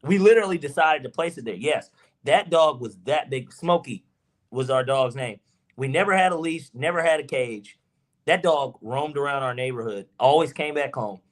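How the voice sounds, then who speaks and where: A man co-hosting a sports podcast, telling a family story in an earnest, self-correcting way. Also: medium pitch. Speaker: podcast co-host. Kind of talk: casual chat.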